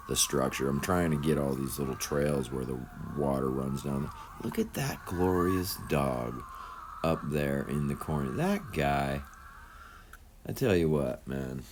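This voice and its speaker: A man's voice: rumbling low, noisy background. A man giving casual voice-over commentary as a channel host, rambling and laid-back with lots of fillers.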